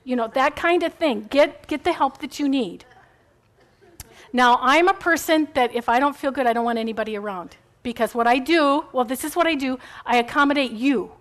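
A woman's voice: high-pitched, normal speed. A middle-aged woman giving a chatty, rambling faith talk to a group, encouraging and full of asides.

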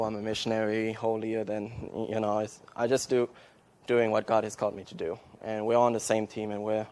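A man, a missionary, speaking at a church service, giving an emotional testimony and then starting a sermon, halting with many fillers and restarts. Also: on the low side, darkish tone.

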